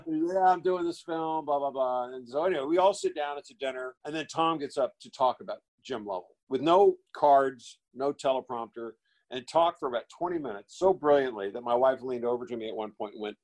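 A middle-aged man and actor, a guest telling casual anecdotes in a rambling, animated way with frequent restarts. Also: mid-range voice, brisk, rough recording. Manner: rambling, animated storyteller who restarts phrases and acts out quoted voices.

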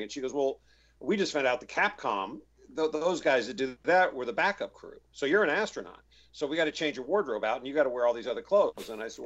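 A man's voice: medium pitch, fast, dull audio. A man, an actor guest in an interview, telling stories casually and acting out the voices he quotes. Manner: animated anecdotes, acts out quoted voices.

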